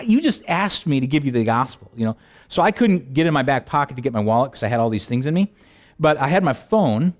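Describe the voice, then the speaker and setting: Man preaching, restless retelling with restarts. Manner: animated storytelling, jumps high for quoted asides; repeats words, restarts phrases. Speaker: pastor. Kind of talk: sermon.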